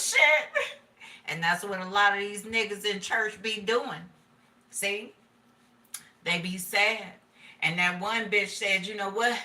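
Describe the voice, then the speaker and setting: A woman's voice: mid-range voice, pushed and bright, reverberant, distant mic. Profane, laughing woman tarot reader. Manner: profane, streetwise, joking with frequent laughs. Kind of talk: casual channeled tarot reading.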